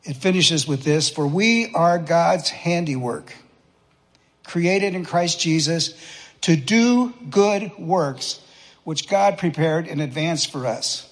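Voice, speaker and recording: A man's voice: on the high side, slow, a bit bright. Man preaching in an echoing church. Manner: conversational, folksy preaching with rhetorical questions. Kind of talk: sermon. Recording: long reverb of a church hall.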